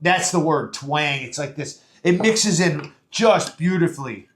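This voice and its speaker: Give me a chatty man walking through a recipe in his kitchen, fairly high voice, echo off the walls. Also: animated, a little slow. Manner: chatty, folksy, lots of fillers. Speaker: home cooking show host. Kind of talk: casual step-by-step cooking demo. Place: home kitchen.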